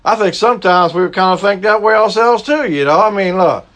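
A pastor delivers a sermon in a folksy, conversational style peppered with Southern turns of phrase. His voice is high-pitched and fairly bright, and he talks a little fast.

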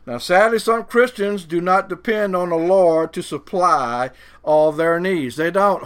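Sitting high in pitch, his voice is fairly bright, clear and resonant as he preaches a folksy sermon. Dramatic pauses slow him down to emphasize the verses he reads, and he imitates doubters in a mocking put-on voice.

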